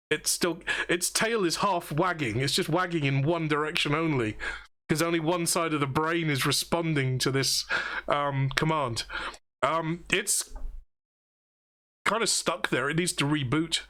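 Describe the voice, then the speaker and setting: A man's voice: fairly high pitch, a bit bright. A man narrating a tabletop game as game master, with many hesitant fillers as he goes.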